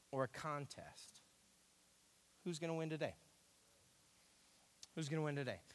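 A man preaching a sermon as pastor, emphatic and animated, repeating key phrases. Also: fairly high pitch. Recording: echoey hall.

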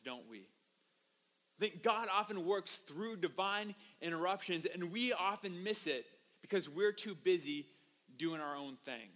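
A male pastor preaches in a high, bright, forceful voice, telling stories with lots of animation. He repeatedly turns to the congregation with rhetorical questions.

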